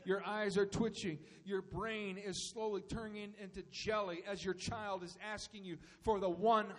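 Preaching man in a reverberant hall. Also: sits high. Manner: preaching with rising, emphatic bursts and acted-out dialogue. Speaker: pastor. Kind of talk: sermon.

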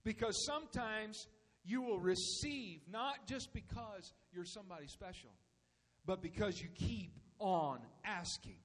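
A man's voice: high-pitched, a little slow, long reverb tail. A male pastor preaching a sermon, rising into emphatic bursts and acting out little dialogues.

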